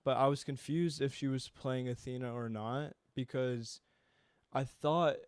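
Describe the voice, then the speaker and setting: A man's voice: mid-range voice, steady tone, measured pace, clear, resonant tone, no room sound, studio quality. A young man co-hosting a podcast, chatting casually about a film, rambling and swearing freely. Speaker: podcast co-host. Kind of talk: casual chat.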